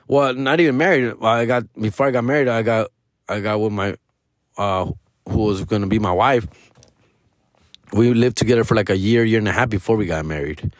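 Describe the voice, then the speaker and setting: A man with a mid-range voice tells stories casually, full of profanity and slang, slipping Spanish words in and quoting people animatedly. The recording is dry and studio quality.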